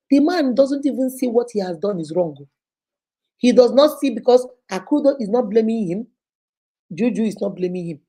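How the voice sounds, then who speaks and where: A woman hosts an advice show and lectures her listeners in an animated, preachy way, throwing one rhetorical question after another. Her voice sits a little high but sounds warm and mellow. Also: moderate pace. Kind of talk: casual advice commentary.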